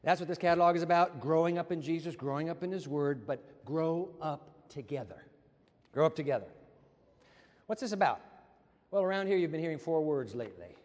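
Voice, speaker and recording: A high-voiced male pastor preaches with lively, swooping inflection, acting out quotes as he goes. His voice rings through a church sanctuary with a long reverb tail. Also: a little fast. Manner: animated, acts out voices and quotes with big pitch jumps. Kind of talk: sermon.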